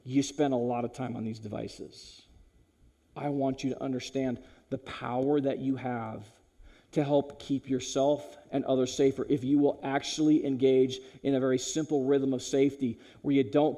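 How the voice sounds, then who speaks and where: A man giving a talk at a school chapel, animated and direct, swinging between loud punchy lines and low hushed ones, calling the listeners "you guys". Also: brisk. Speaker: chapel speaker.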